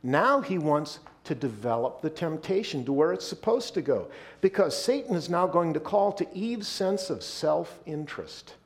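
High, lively-voiced male pastor preaching. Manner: emphatic, slows down and drops his voice to stress points. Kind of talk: sermon.

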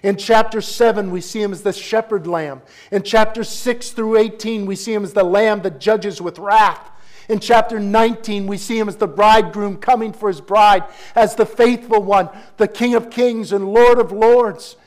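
A man delivers a sermon in a notably high voice. He preaches emphatically, climbing to forceful exclamations, then dropping to hushed asides. He keeps calling out for responses from his congregation. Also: fairly even intonation, moderate pace. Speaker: pastor.

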